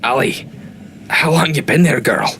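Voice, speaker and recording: A man voicing a gruff, stubborn but protective male dwarf fighter in a tabletop game. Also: a little high, unhurried, fairly bright tone, a little hiss or hum, pitched above the performer's own voice. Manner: gruff, calls people lass.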